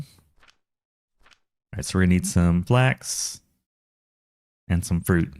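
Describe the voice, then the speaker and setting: A man's voice: low-pitched, measured pace, pauses often, a little mellow, no echo, clean studio sound. A man with a Texan accent chatting casually through a game stream, talking to himself and his chat and laughing often. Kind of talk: casual gameplay commentary.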